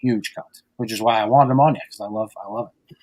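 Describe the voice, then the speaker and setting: A man's voice: medium pitch, fairly even intonation, fast talker, a little mellow. A man hosting a podcast, ranting and rambling in crude casual chat. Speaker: podcast host.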